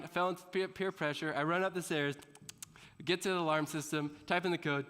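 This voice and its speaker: A man giving a motivational talk to students, animated as he tells a story, often asking the audience questions and laughing. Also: on the high side, fast, clean tone. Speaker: motivational speaker. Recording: long reverb in a large hall.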